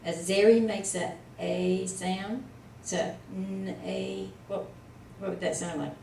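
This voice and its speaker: A woman tutoring a student in Hebrew reading in a casual one-on-one lesson, patiently sounding out letters and syllables slowly. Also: medium pitch, steady tone, vocal fry, darkish tone, roomy sound, recorded from a distance, a little hiss or hum, rough recording.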